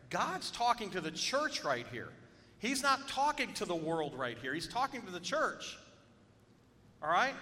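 Male pastor, chatty joking sermon delivery, bright forward voice, reverberant church hall. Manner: conversational, joking, calls on the congregation. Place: church sanctuary. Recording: reverberant hall with faint rumble.

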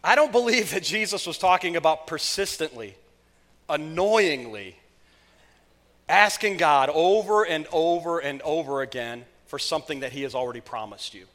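Higher-voiced male pastor in reverb. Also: animated, moderate pace, fairly bright tone. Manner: conversational, emphatic, repeats phrases. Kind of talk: sermon. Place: church sanctuary.

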